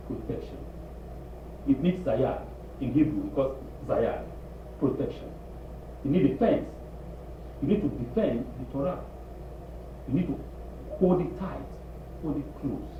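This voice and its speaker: A man preaching a sermon in a congregation hall, animated and emphatic, repeating his points, recorded from a distance. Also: medium pitch, slight background noise. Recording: distant, echoey, dull room recording.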